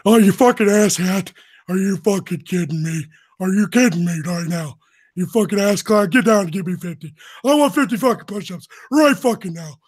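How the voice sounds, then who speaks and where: A man's voice: high-pitched, normal speed, voice pushed up. A man imitating an angry, foul-mouthed male drill sergeant who barks profane orders. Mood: furious. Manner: barking, profane yelling.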